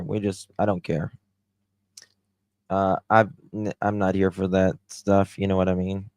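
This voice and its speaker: A tired livestream host with a drawl talks loosely to his chat and reads out names. His voice sits very low. The sound is dry and close to the mic. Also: monotone, a little slow, a little mellow, no echo. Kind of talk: casual livestream chat reading comments.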